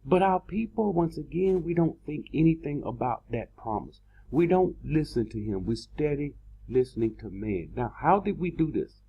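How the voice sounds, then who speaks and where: A man preaching a sermon in an online video, emphatic, repeating words and slowing down to stress his points. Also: on the high side, expressive, gravelly, slightly rough, phone-quality sound.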